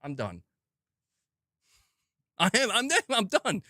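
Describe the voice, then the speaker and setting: A man's voice: high voice, huge pitch swings, takes it slowly, pauses often, pushed and bright, no echo, clean studio sound. Furious profane gaming streamer man. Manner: angry, profane, repetitive outbursts. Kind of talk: live stream rant.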